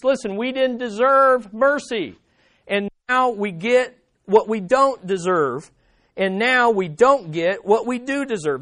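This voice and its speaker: A man's voice: extremely high pitch, fairly bright tone. A man preaching a sermon, emphatic, repeating phrases and asking the congregation questions. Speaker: pastor.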